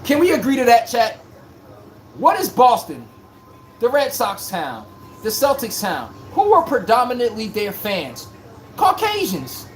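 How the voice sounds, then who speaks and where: Animated, blunt man hosting sports talk. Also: very high-pitched, measured pace, a little hiss or hum. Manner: blunt, animated, slangy, talks straight to chat. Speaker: sports podcast host. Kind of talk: live-streamed basketball talk, reading chat.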